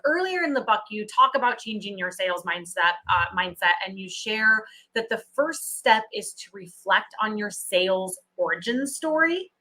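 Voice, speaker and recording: A woman hosts a book club interview, putting questions to her guest in an easy, engaged way. Her voice is bright and clear, at a middle pitch. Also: animated, normal speed, few pauses. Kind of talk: casual interview chat.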